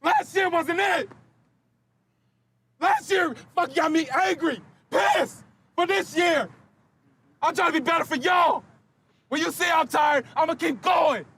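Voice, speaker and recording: A man giving a fired-up, profane motivational speech to his football team, shouting much of it. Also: extremely high pitch, measured pace, long pauses, slight background noise. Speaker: football player addressing team. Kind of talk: locker-room motivational speech.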